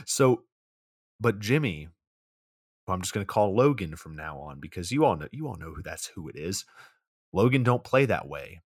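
A man with a fairly low voice recaps a film for a podcast. He narrates with sarcastic, profane play-by-play. His voice sounds dry and close to the mic. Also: very animated, moderate pace, pauses often, breathy edge, dry recording. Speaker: podcast co-host. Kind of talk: comedic movie recap.

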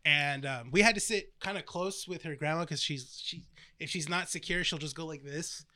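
A man's voice: on the high side, moderate pace, bright, forceful tone, no room sound. A man co-hosting a podcast, chatty in casual talk, often laughing and filling in with short agreements. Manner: chatty, laughing storyteller with many backchannels. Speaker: podcast co-host. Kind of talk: casual chat.

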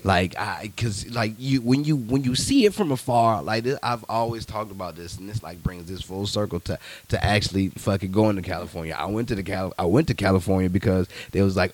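A man from Louisiana hosting a podcast, telling stories in a profane, animated way with lots of restarts. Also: deep voice, fairly quick, hardly any pauses, no echo. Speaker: podcast host. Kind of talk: casual podcast chat.

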